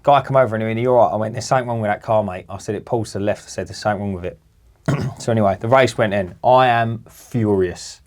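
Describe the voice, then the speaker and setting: Man, podcast co-host, animated sweary storyteller. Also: lowish voice, fast. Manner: animated, swearing, acts out other people's voices. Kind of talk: casual storytelling.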